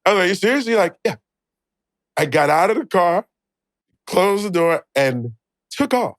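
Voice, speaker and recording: Man co-host telling a lively story. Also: high-pitched, unhurried, no room sound. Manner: lively storyteller, acts out quoted dialogue. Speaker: podcast co-host. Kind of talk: casual storytelling.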